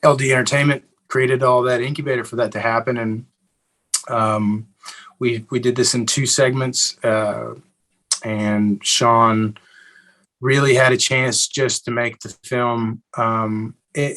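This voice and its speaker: A young adult actor from Eastern Kentucky answers interview questions as a guest, relaxed and full of fillers and restarts. His voice is mid-range, and the recording quality is low.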